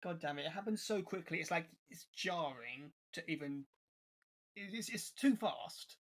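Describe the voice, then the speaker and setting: A young man, co-hosting a casual review podcast, talking in an animated, exasperated way with frequent restarts and laughs. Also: fairly high pitch, moderate pace. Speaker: co-host reviewer.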